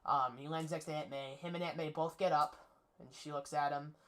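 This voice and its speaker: Man, movie reviewer, casual plot recap, excited, rambling, lots of fillers, fairly high voice. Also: a little fast. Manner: enthusiastic, rambling, with many fillers.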